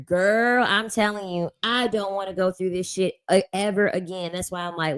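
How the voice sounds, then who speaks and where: A woman's voice: mid-range voice, steady tone, moderate pace, hardly any pauses, clean tone. A young woman hosting a casual livestream, reading chat aloud and answering in a blunt, profane way, laughing often.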